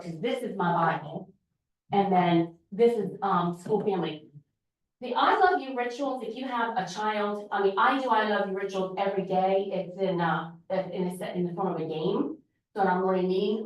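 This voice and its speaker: A woman's voice: medium pitch, normal speed, recorded from a distance. Woman teacher in a very echoey hall. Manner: lively storytelling, acts out classroom exchanges. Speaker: preschool teacher giving a talk. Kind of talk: informal presentation to a group. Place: large echoey church hall. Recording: very echoey hall, voice picked up from afar.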